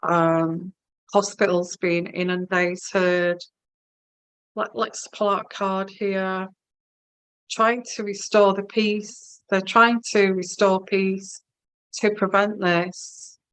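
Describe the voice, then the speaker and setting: Slow, smooth-voiced woman reading tarot. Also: mid-range voice, little pitch movement, dry recording, rough recording. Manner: hesitant, musing, many fillers and restarts. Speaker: tarot reader. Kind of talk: live-streamed tarot reading.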